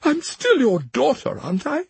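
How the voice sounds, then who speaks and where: A man's voice: extremely high pitch, wildly swooping pitch, moderate pace, creaky, dry recording, pitched above the performer's own voice, full character voice. A man voicing a young princess, desperate and pleading, in a read-aloud story.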